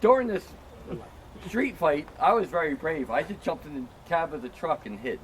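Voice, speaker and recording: A man's voice: a little high, animated, moderate pace, very noisy. A middle-aged man telling a long, self-mocking story among friends, full of "um" and "you know.". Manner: rambling, filler-heavy, self-mocking. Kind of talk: casual anecdote.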